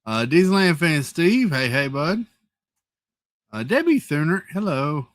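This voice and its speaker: A man's voice: fairly high pitch, very animated, measured pace, a bit bright, no echo. Casual man greeting his live-stream chat. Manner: greets chat viewers one by one, rambling and playful. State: has a headache.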